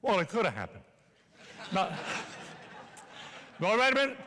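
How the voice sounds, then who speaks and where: An older man giving a live motivational speech to an audience in a large hall, animated and playful as he urges the crowd along. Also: sits high, normal speed, pauses often, a little hiss or hum. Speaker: motivational speaker. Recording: long reverb in a hall.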